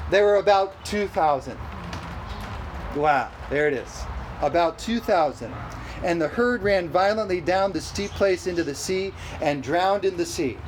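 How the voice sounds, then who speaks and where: A male pastor preaching a sermon at a church service, animated and exclamatory, often laughing. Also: high-pitched, slight background noise, poor audio.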